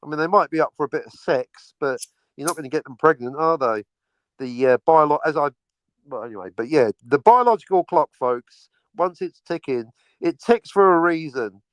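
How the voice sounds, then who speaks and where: A man's voice: on the high side, expressive, normal speed, no room sound. A man co-hosting a casual podcast, ranting sarcastically and swearing freely. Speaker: podcast co-host. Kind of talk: casual crude banter.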